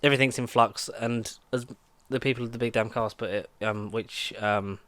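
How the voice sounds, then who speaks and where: A man co-hosting a casual podcast chat. He rambles along with plenty of fillers and restarts. His voice sits at a middle pitch and sounds dry and close. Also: steady tone, normal speed, a bit bright, dry recording. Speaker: podcast co-host.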